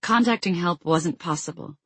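A narrator voicing a tall, strong young warrior woman who speaks directly and gently commands. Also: mid-range voice, normal speed, slightly rough, dry recording, pitched above the performer's own voice. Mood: gentle.

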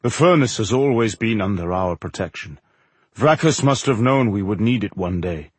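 Old undead dwarf king, calm and kind, kinda husky, guy reading it. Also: fairly low pitch, normal speed, no room sound. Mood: grave. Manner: calm, reassuring.

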